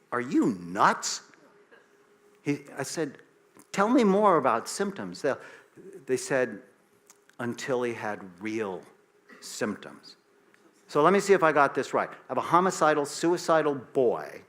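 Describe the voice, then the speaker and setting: American guy around sixty telling a story to a crowd, acts out all the dialogue, voice jumps up and down. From United States. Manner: animated, acts out dialogue with shifts in pitch and loudness. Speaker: psychiatrist giving a lecture. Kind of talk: storytelling talk to an audience.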